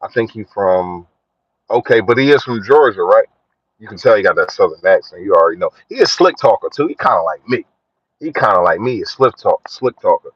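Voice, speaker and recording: A young man chatting casually on a sports live stream, slangy and shouting out his viewers. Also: brisk, slightly rough, no echo. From Philadelphia. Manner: slangy, shouts out viewers, lively swings in pitch. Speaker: sports vlogger. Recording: dry, dull lo-fi phone audio.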